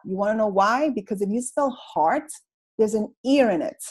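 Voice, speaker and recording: A middle-aged woman telling her story on a video call, in a comical, slangy, animated way. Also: mid-range voice, moderate pace, husky, poor audio. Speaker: guest speaker sharing her story. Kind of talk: casual motivational talk on a video call.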